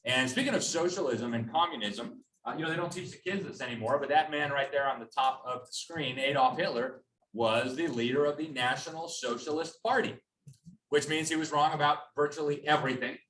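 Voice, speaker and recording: A man's voice: on the high side, fairly quick, a bit bright, distant mic. Man lecturing in an echoey hall. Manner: emphatic, sarcastic. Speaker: speaker at a public talk. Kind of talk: public lecture with slides. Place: hall with an audience.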